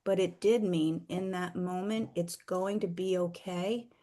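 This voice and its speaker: A middle-aged woman earnestly sharing a personal faith story, slowing down for emphasis. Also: on the low side, steady tone, mellow. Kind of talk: heartfelt personal testimony.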